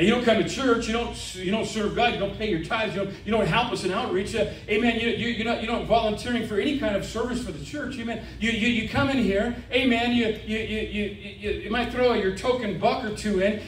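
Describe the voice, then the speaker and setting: A middle-aged man preaching a sermon as a visiting evangelist, animated, with stammered restarts and frequent amens. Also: high-pitched, brisk, hardly any pauses, distant mic, a little hiss or hum. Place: church sanctuary. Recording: echoey church, voice from afar.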